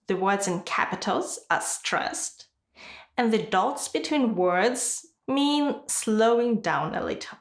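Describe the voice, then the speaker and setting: A woman giving a scripted online lesson as an exam-prep teacher, in a clear, measured way. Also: mid-range voice, roomy sound. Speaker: IELTS teacher.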